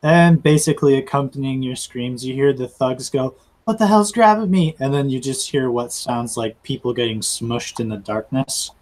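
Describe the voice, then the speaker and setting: A man narrating a tabletop role-playing game as game master, in a halting storytelling way. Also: mid-range voice, steady tone, darkish tone, poor audio.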